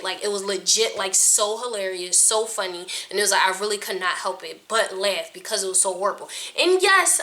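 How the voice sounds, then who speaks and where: Bright-voiced woman acting coach, casual and blunt, laughs a lot. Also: mid-range voice. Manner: frank, chatty, laughs often. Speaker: acting coach and casting judge. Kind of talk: casual advice to camera.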